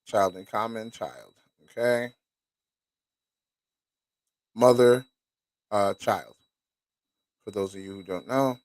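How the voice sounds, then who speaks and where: A man's voice: on the low side, fairly even intonation, slow, pauses often, no room sound. A man hosting a show, reading documents aloud and stopping to react with casual, profane commentary. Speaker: host.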